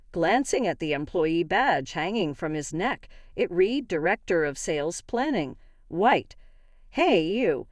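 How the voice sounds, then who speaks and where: A woman giving a scripted first-person story narration in a measured storytelling manner. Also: on the low side, a little mellow, no room sound, clean studio sound.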